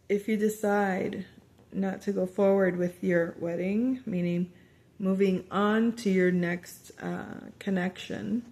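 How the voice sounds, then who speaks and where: A woman's voice: fairly low pitch, gravelly. Chatty woman giving a tarot reading. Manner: chatty, animated, quoting dialogue in voices; frequent fillers and restarts. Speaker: tarot reader. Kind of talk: casual spoken tarot reading.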